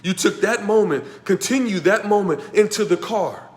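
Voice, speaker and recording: Male motivational coach in an echoey room, emphatic and repetitive, shifts between hushed tones and loud bursts. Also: high voice, animated, normal speed. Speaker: life coach teaching a masterclass. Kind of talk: motivational class talk.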